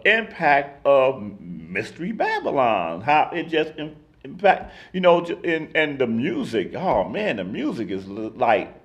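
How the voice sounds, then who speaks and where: A man's voice: medium pitch, huge pitch swings, a little slow, dull audio. A man in ministry leading a casual Bible study, talking earnestly with emphatic restarts and reading scripture aloud. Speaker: ministry teacher.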